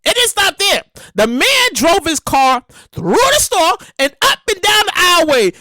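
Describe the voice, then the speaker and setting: Animated, lively-voiced woman podcast host. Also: extremely high pitch, a little slow, no echo. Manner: animated, exclaiming and repeating herself. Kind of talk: comedic news commentary.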